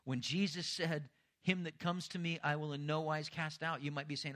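A man's voice: a little high, steady tone, normal speed, fairly bright tone. A middle-aged man preaching a sermon as pastor, earnest and rising to emphatic intensity.

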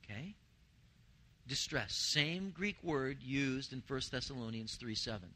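A man preaching a sermon as pastor, who slows down to stress key words. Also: mid-range voice, expressive, sharp tone.

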